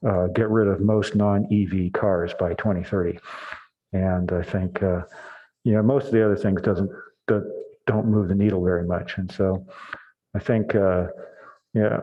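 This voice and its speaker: A man on a city council giving a comment over a teleconference, halting with many pauses. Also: low-pitched, a little mellow. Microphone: teleconference call. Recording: dull lo-fi teleconference audio.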